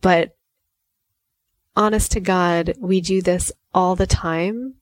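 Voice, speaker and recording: A woman in her forties with a lowish, steady voice hosts a solo podcast as a life coach, slowly and warmly telling a family story and acting out the dialogue. The recording is dry.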